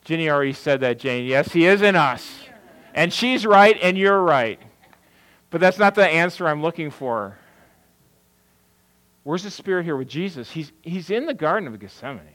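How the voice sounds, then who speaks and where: A man's voice: a little high, animated, moderate pace, fairly bright tone, poor audio. A middle-aged man, a pastor, giving a conversational sermon, asking questions and answering them himself. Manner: conversational preaching, asks and answers his own questions.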